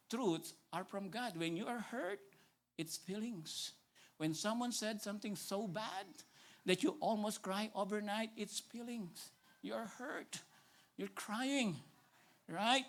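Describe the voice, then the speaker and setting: Filipino male pastor, high voice, emphatic sermon delivery swinging from loud to hushed. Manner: emphatic, repeats phrases, asks "right?" often; shifts between loud preaching and hushed pleading.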